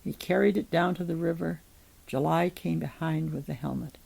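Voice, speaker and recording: A woman reading a novel chapter aloud in an even, measured storytelling manner. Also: deep voice, vocal fry, breathy edge, rough recording.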